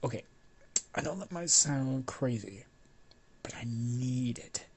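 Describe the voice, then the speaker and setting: A man's voice: medium pitch, expressive, slow pace, husky, exaggerated voice. A man voicing a cheeky, boastful teenage boy in a near-own voice. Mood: cocky. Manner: casual, boastful.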